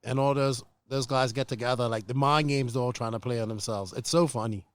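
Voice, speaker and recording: Male podcast co-host, mid-pitched, chatty, joking, repeats himself. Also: a little fast, smooth, no echo. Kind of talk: casual chat.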